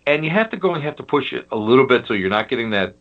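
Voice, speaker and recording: Guest man, lively emphatic storyteller, muffled lo-fi line. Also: medium pitch, rapid-fire. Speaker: guest, paranormal investigator. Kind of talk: casual chat.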